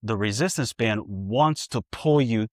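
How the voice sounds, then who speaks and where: A man's voice: lowish voice, darkish tone, no room sound, clean studio sound. New York man coaching an exercise. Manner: brisk, repetitive coaching cues; chatty, joking asides to viewers. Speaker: physical therapist and coach. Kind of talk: hands-on exercise demonstration.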